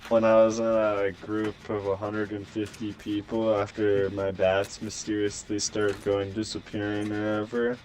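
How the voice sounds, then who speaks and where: A young man with a fairly low voice, chatting about a game in a loose, rambling, profane way. Faint noise sits quietly in the background. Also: completely flat delivery, a little slow, hardly any pauses. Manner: profane, rambling, filler-heavy. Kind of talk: casual gaming chat.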